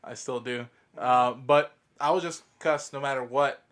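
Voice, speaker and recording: A man's voice: mid-range voice, fairly even intonation, a little slow, a bit bright. A man co-hosting a casual podcast, swearing freely and laughing along as he tells about his mom. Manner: cusses freely, chuckles often, backchannels a lot. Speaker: podcast co-host. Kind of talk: casual chat.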